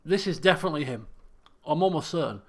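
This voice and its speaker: A man commenting as he plays a game, animated, laughing and muttering to himself as he thinks. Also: on the high side, fast talker. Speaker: let's play host. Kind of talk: gameplay commentary.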